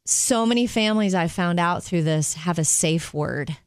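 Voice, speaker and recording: A woman's voice: lowish voice, normal speed, no room sound, studio quality. A woman co-hosting a chat show, telling a personal story earnestly. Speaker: co-host. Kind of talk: casual chat.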